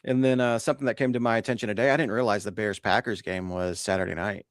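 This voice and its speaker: A man's voice: lowish voice, steady tone, fast, no echo, studio quality. A man co-hosting a podcast, chatting loosely about college football and rambling with restarts. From Oklahoma, USA. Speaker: podcast co-host. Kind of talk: casual sports chat.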